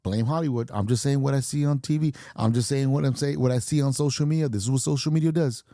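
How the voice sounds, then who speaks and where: A man in his fifties hosts a podcast, firing off a blunt, profanity-laced rant and laughing at his own points. His medium-pitched voice is warm and fast, captured in a clean studio with no room sound.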